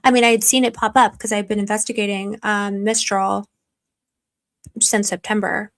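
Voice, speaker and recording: A young adult woman hosting her own channel, chatting casually and excitedly to viewers in a rambling way, with frequent apologies and asides. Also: medium pitch, normal speed, no room sound. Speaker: channel host. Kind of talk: casual livestream chat to viewers.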